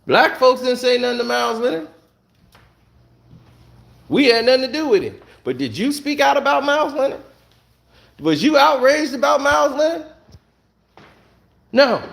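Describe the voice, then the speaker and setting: A man with a very high voice for a man tears into a heated solo rant from home. He talks bluntly and angrily and keeps throwing out rhetorical questions. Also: expressive, normal speed, gravelly, long pauses, a bit bright. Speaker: online commentator.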